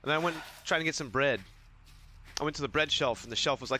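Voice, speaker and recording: A man's voice: a little high, quick pace, background noise. A man streaming a game, chatting casually and telling rambling, joking stories between play. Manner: joking, rambling storyteller who acts out quips. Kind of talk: casual gaming stream commentary.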